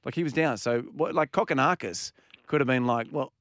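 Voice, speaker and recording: A man's voice: mid-range voice, brisk, fairly bright tone, no echo, clean studio sound. A man co-hosting a radio show, chatty and laughing often. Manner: chatty, laughs between lines. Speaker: radio host. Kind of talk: casual radio banter.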